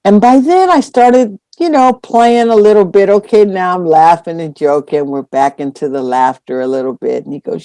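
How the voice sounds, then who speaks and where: A woman dharma teacher telling a personal story in a dharma talk, animated and full of acted-out quotes. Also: on the low side, moderate pace, few pauses, no echo. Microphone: online call.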